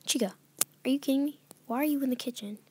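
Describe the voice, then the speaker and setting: A woman's voice: high voice, fast, warm tone, a little hiss or hum. A young woman commentating a horror game as she plays, nervous and often dropping to a whisper. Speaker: let's play gamer.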